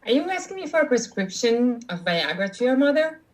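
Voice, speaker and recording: A man voicing a bored, curt therapist who answers flatly and dismissively. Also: very high voice, fairly quick, pitched above the performer's own voice, low-quality recording. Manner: flat, dismissive, yawning.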